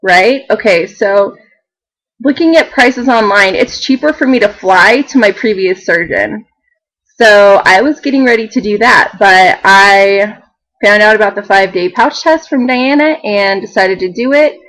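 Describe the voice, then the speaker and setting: A young woman vlogging in a chatty, animated way, full of fillers and laughter. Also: medium pitch, a little slow, low-quality recording. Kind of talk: casual chat to camera.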